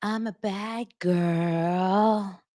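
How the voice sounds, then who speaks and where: A woman puts on a breathy, chirpy pop-star voice that floats up high and sing-song. The voice sits well above her own lower tone, light and airy. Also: a little slow, no echo, clean studio sound.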